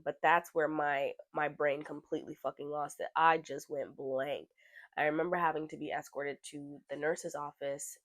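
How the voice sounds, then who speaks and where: A young adult podcast host with a mid-range voice candidly tells a personal story, cursing freely and getting animated when retelling scenes. There's no echo.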